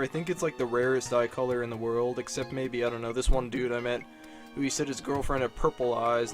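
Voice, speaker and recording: A young man from Illinois, talking on his own to the camera in a casual question-and-answer vlog. He rambles, swears freely and pokes fun at himself, with a mid-pitched voice over clearly audible music. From Illinois, USA. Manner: rambling, profane, self-deprecating, lots of fillers. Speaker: YouTuber answering viewer questions. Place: dark room, alone.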